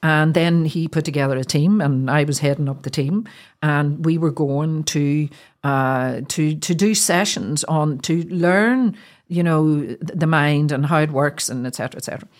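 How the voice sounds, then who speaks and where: A middle-aged woman from Ireland, low-pitched, is an interview guest sharing a personal story. She halts often, with many fillers and restarts.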